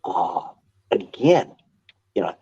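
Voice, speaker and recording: An older man telling stories as a podcast guest, animated and quick to restart his sentences, on dull lo-fi audio. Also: on the low side, slightly rough. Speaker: guest, martial arts instructor. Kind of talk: casual storytelling interview.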